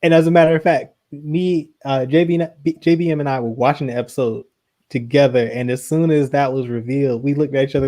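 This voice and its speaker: A man co-hosting a podcast in casual chat, animated, with quick asides and laughs. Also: mid-range voice. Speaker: podcast co-host.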